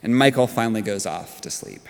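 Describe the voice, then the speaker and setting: A man's voice: lowish voice, animated, fairly quick, creaky. A man in his thirties preaching a sermon as pastor, earnest and conversational, telling stories to make his points. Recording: long hall reverb.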